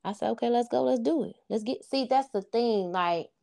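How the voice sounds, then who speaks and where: This woman's voice is a little high, creaky and warm, at a normal speed. As an interview guest and single mother, she speaks about her sons in an earnest, heartfelt, informal way, repeatedly saying "you know what I'm saying".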